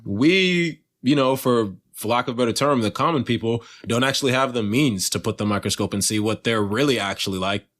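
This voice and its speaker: A man's voice: mid-range voice, a bit bright. A young man co-hosting a casual podcast chat, rambling and restarting his sentences, swearing freely. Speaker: podcast co-host.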